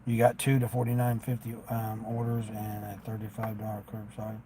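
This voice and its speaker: A man's voice: fairly low pitch, monotone, normal speed, mellow, slight background noise. A man streaming live while doing delivery driving, chatting in a rambling, folksy way and turning down orders aloud. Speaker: delivery driver livestreamer.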